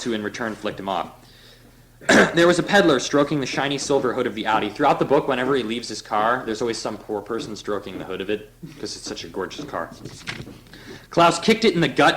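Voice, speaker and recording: A man's voice: mid-range voice, background noise. Man reading a novel aloud, loose and laughing. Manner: loose, laughing, with offhand asides. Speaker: reader.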